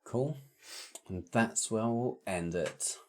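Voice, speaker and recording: A man's voice: on the low side, slow, a little mellow, slight background noise. A man as game master, guiding players with easygoing, brief prompts. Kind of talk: narrating a tabletop game.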